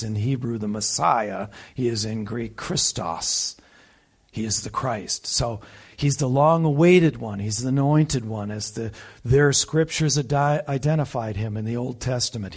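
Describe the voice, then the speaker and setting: A man's voice: medium pitch, husky. A man preaching a conversational sermon, teaching a Bible passage with emphasis and rhetorical asides to the listeners.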